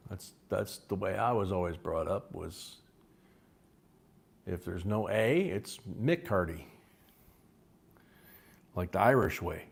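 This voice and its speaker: A man's voice: deep voice, measured pace, vocal fry, breathy edge. A man from Chicago hosting a live-streamed coin auction, chatting between calls of bidders' names and bids. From Chicago, USA.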